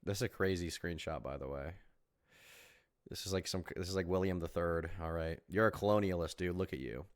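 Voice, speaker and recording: A man's voice: deep voice, brisk, no room sound, studio quality. A man streaming reaction commentary, mocking and incredulous, swearing often and breaking into laughter.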